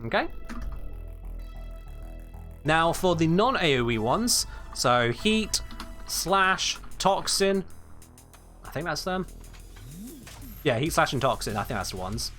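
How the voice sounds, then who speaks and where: A man's voice: fairly high pitch, sing-song, takes it slowly, pauses often, pushed and bright, soft background music. A young man explaining game mechanics on a live stream, emphatic and blunt when he answers chat.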